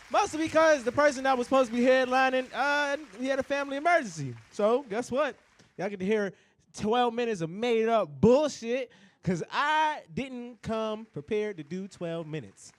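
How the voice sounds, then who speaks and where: A young man performing a profane stand-up comedy set, talking straight to the crowd in an animated way on stage. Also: very high voice, moderate pace, a little hiss or hum.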